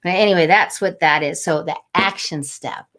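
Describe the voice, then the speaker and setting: A middle-aged woman talking warmly and a little rambling as she encourages viewers during a live motivational stream. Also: fairly low pitch, normal speed. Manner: warm, encouraging, rambling and conversational. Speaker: angel card reader and inspirational host.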